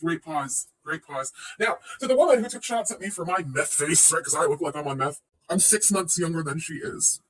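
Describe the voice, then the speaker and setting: A woman's voice: low-pitched, lively intonation, fairly quick, breathy edge. A woman in her thirties hosting a casual livestream, sarcastic and profane, laughing often as she reacts. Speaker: livestream host reacting to another streamer. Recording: voice a bit far from the mic.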